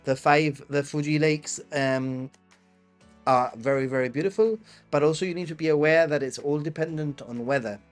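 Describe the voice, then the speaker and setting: A man's voice: fairly high pitch, fairly even intonation, normal speed, faint music behind. A man with a Gibraltarian English accent hosting a live-stream travel Q&A, chatting casually and answering viewers off the cuff. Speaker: travel channel host.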